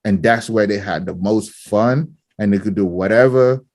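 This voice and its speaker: A man's voice: on the low side, moderate pace, darkish tone, dry recording. A middle-aged man from Nigeria, a former coach and parent, talking casually in an interview and laughing easily between many fillers.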